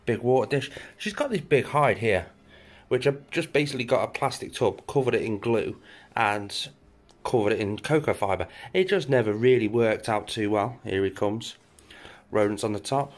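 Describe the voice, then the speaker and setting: A man's voice: fairly low pitch, animated, normal speed. A British man, a reptile keeper and channel host, chatting casually as he walks through his reptile room at night and talks to his animals. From England. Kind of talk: casual walk-through narration.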